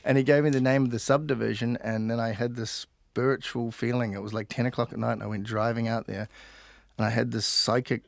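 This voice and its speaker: Gravelly New Zealand man, mid pitch, rambling studio storyteller with a dry close sound. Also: level tone, brisk, no room sound. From Auckland, New Zealand. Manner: rambling anecdotal, laughs often. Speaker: guest musician. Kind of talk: casual storytelling. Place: radio studio.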